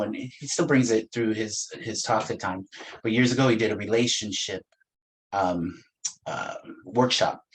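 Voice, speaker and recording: A man teaching a spiritual practice in a gentle, unhurried way, with playful asides and frequent soft laughs. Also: on the low side, poor audio. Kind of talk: reflective spiritual talk.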